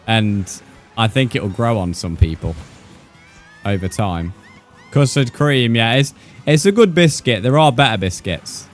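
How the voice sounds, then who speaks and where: A man's voice: mid-range voice, lively intonation, unhurried, faint music behind. A young man from the UK with a British accent, chatting casually with viewers on a live gaming stream and dropping slang like mate and bro. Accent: British English. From United Kingdom.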